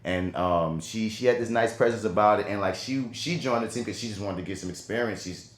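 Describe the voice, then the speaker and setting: A man co-hosting a casual podcast, telling loose, animated stories full of slang. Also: on the low side, fairly quick. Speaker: podcast co-host. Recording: roomy echo.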